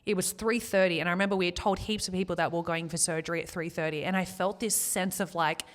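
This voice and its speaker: A woman's voice: on the low side, fairly even intonation. Young woman telling a personal story. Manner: emotional, tearful at moments, quick to laugh. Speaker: podcast co-host.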